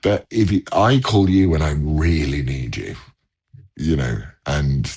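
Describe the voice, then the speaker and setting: A man's voice: a bass voice, unhurried, a little mellow, husky. A man co-hosting a casual chat from home over a video call, earnest and rambling, often restarting his sentences. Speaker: co-host.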